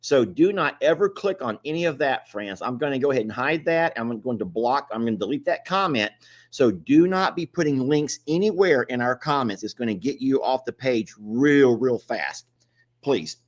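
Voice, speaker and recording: A man's voice: mid-range voice, expressive, normal speed. Guy rambling on a live stream, voice bouncing all over, laughs a lot. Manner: rambling, chatty, laughs often. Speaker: livestream co-host. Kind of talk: casual chat.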